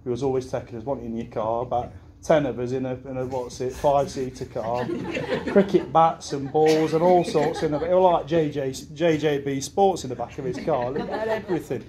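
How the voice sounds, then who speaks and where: A man's voice: medium pitch, brisk, a crowd in the background. A young man giving a best man speech at a wedding, rambling through anecdotes and laughing at his own stories, swearing casually. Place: wedding reception room.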